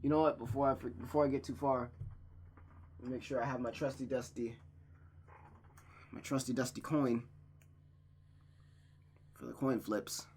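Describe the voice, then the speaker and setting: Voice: mid-range voice, steady tone, moderate pace, pauses often, a little mellow, a little hiss or hum. Chatty visual novel reader. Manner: chatty, self-correcting, wry asides. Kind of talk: reading a game aloud with running commentary.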